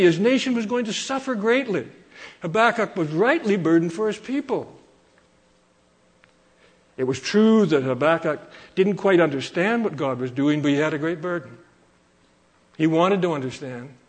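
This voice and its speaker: A man preaching a sermon from Canada, earnest and repeating phrases for emphasis, slowing down to quote scripture. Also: high voice.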